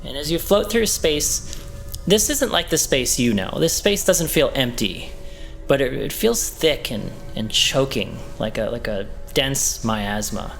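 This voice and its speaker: Male game master, mid-pitched, slow descriptive narration with ums and restarts. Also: expressive, creaky, fairly bright tone, soft background music.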